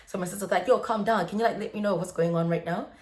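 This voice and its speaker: A young adult woman vlogging in a casual, chatty way, animated and laughing often, with many fillers. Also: medium pitch, fast. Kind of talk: casual chat. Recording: echoey room.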